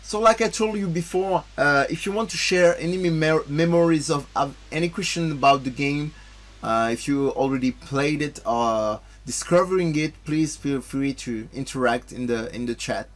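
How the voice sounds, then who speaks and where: A man hosting a let's play, commentating casually in a halting way with many restarts and fillers. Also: a little high. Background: game music.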